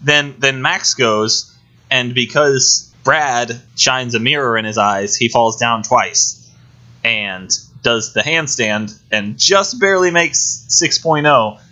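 Bright-voiced man rambling through a recap. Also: medium pitch, slow. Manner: rambling, detailed plot recapping. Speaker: podcast co-host. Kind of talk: casual chat. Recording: dull lo-fi recording.

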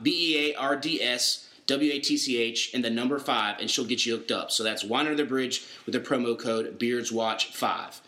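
A man's voice: mid-range voice, pushed and bright. A man hosting a casual podcast from a basement, joking and laughing through a loose ad read with rambling asides. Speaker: podcast host. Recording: roomy basement echo.

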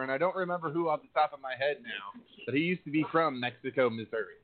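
A man's voice: mid-range voice, fast talker. A man hosting a wrestling podcast, rambling and joking in casual chat. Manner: rambling, laughing. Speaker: podcast host. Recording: phone-like lo-fi call audio.

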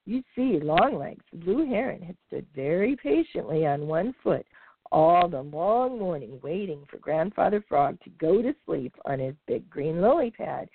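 A woman hosting a podcast, reading a children's animal story aloud in a lively, expressive way. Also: fairly low pitch, normal speed, slightly rough, no echo. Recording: dry, tinny phone-like sound.

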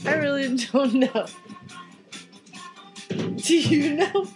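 A woman's voice: high voice, animated, drawn-out words, music in the background. A woman chatting casually and chiming in agreeably. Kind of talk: casual chat.

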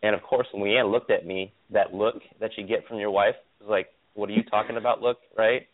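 Low-voiced man telling stories by phone. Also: normal speed. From Stockton, California. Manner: animated, repeats words, many fillers. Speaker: guest, optometrist. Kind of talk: casual interview storytelling. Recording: tinny phone line.

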